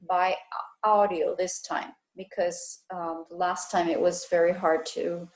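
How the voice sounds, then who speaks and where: A woman teacher with a Guatemalan Spanish accent, slowly and patiently explaining spelling and word stress in a recorded online lesson. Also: medium pitch, a little mellow, poor audio. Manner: slow, patient, repeats words to model stress.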